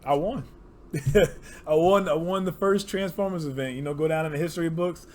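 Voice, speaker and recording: A man's voice: a little high, moderate pace, darkish tone, a little hiss or hum. A young man recording a casual to-camera vlog, rambling and heartfelt with many fillers, teary and emotional. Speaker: card game player and channel host.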